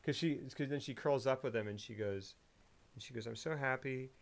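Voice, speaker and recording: Animated man retelling film scenes. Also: mid-range voice, fairly quick, creaky. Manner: animated retelling, acting out scenes with sound effects and voices. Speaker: podcast host. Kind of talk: casual film discussion.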